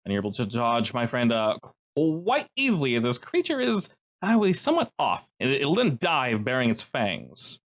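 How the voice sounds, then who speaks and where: A game master runs tabletop combat with jokey asides and a playful streak, the pitch swinging widely from line to line. The voice sits at a middle pitch, and the narration never settles into a flat drone. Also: normal speed.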